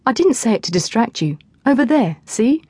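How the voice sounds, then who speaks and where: A woman's voice: fairly high pitch, sing-song, normal speed, a little mellow, breathy edge, dry recording, pitched above the performer's own voice. Friendly teenage boy voiced by a woman, reassuring, dry studio. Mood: earnest.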